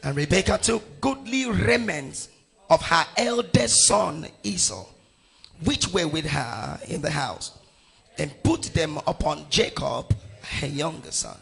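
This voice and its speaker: A middle-aged man from Nigeria preaching, reading scripture aloud with his congregation. His voice is gravelly and husky, with bright, forceful edges. He swings widely in pitch, calling out verses and rising to shouts. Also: expressive, slow pace, soft background music. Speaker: pastor.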